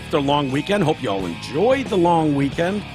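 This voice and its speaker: A man's voice: brisk, over music. A tired man co-hosting a podcast in loose, profane casual chat. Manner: loose, profane, talks sports with animated swings in pitch. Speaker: podcast co-host.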